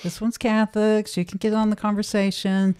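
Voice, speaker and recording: A woman's voice: mid-range voice, little pitch movement, brisk, warm tone, clean tone. A woman from Missouri co-hosting a comedy podcast, chatting along agreeably and laughing often. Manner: chatty, agreeable, giggly asides. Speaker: podcast co-host. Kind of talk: casual comedic chat.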